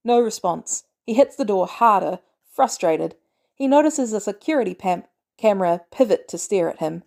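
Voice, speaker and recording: Mellow-voiced woman narrating a story. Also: medium pitch, creaky. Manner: measured, even storytelling. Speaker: podfic reader.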